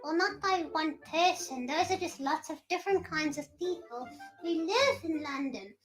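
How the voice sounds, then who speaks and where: Rosie, a shrill bossy puppet girl. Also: expressive, normal speed, fairly bright tone, faint music behind. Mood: unimpressed. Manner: grumpy, complaining, bossy. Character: sassy little girl puppet with yellow hair.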